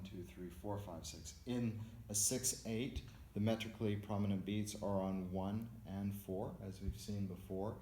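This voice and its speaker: A man's voice: lowish voice, a little mellow, reverberant. A man teaching a music theory lesson, explaining step by step and counting beats aloud. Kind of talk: lecture with sung and spoken examples.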